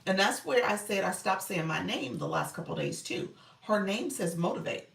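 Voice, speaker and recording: A woman's voice: mid-range voice, wildly swooping pitch, moderate pace, vocal fry, a bit bright. A woman live-stream coach chatting casually, greeting viewers by name and explaining tips.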